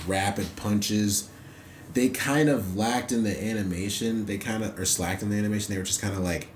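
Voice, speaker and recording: A man's voice: sits low, a little hiss or hum. A man hosting an anime reaction, chatting casually and rambling with lots of fillers. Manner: loose, rambling, heavy on fillers like "like" and "you know". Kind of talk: casual commentary while watching. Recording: roomy echo with loud soundtrack music behind.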